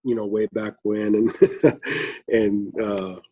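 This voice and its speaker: Husky-voiced rambling middle-aged man. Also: on the low side, little pitch movement, slow, darkish tone. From Flagstaff, Arizona. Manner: rambling, filler-heavy, chuckles often. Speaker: listener guest. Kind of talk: casual chat.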